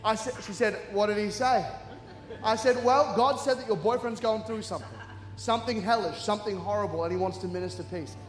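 A man's voice: sits high, a little fast. A man with an Australian accent preaching a sermon, telling funny self-mocking stories with bursts of laughter. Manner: humorous, animated, self-mocking storytelling with laughter. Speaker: guest preacher. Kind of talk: storytelling sermon. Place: large church hall with congregation. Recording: echoey hall, faint ambience.

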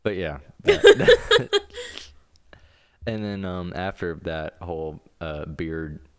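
A man's voice: sits low, wildly swooping pitch, extremely slow, smooth. A young man co-hosting a casual podcast, telling rambling stories full of fillers and laughter. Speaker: podcast co-host. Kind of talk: casual chat, storytelling.

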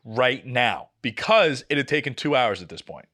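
A man's voice: medium pitch, normal speed. Exasperated young man telling a rant story. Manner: animated, exasperated, swears freely, acts out quotes. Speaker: podcast co-host. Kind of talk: casual storytelling chat.

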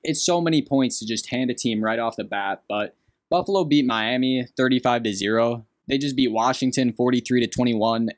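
A man's voice: mid-range voice, moderate pace, no room sound, clean studio sound. A young man from Green Bay co-hosting a podcast, giving blunt, opinionated takes in casual sports chat. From Green Bay, Wisconsin. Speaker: podcast co-host.

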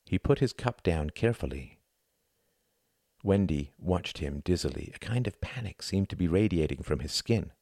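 A man narrating an audiobook in a measured, intimate reading. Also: deep voice, lively intonation, dark tone, no room sound, clean studio sound.

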